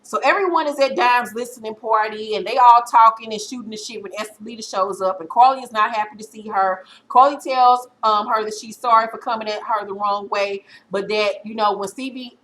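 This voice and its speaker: A woman vlogger in her thirties giving a blunt, profane, animated recap of a reality show episode. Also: a little high, a little fast, hardly any pauses, rough recording.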